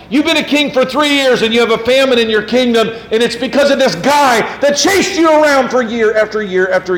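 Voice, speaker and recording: A preacher with a fairly high voice delivers an animated sermon. He acts out quotes and keeps checking in with the crowd. His voice echoes around a roomy hall over faint room noise.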